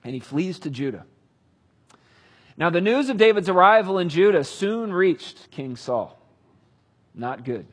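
Man, Bible teacher, husky and slightly high, lively storytelling. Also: unhurried, pauses often. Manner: animated, conversational. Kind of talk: casual Bible storytelling with commentary.

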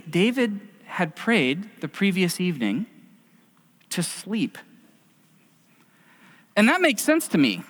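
A man's voice: high voice, fairly bright tone. A middle-aged man preaching a sermon in a conversational, storytelling way, acting out quotes as he goes. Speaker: pastor. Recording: long reverb of a hall.

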